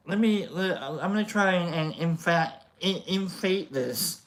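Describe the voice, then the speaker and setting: A stream host reading philosophy aloud at an unhurried, slow pace. They pause often to restate lines and stress words, mixing in jokey asides to the chat. The delivery is loose and conversational rather than polished. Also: medium pitch.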